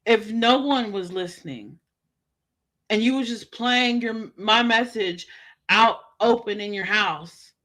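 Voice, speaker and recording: A woman hosting a livestream, talking straight to her viewer with rhetorical, drawn-out commentary. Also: a little high, bright, forceful tone. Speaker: livestream host.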